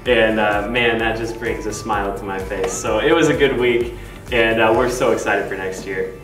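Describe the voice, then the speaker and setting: A man's voice: on the low side, moderate pace, a bit bright. A young adult man, a youth pastor, retelling funny camp moments casually with lots of fillers and laughs. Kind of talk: casual storytelling to camera. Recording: roomy, distant, faint music.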